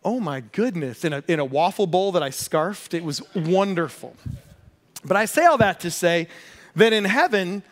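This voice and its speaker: A middle-aged man, a pastor, preaching a sermon with animated storytelling and humor. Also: sits high, normal speed.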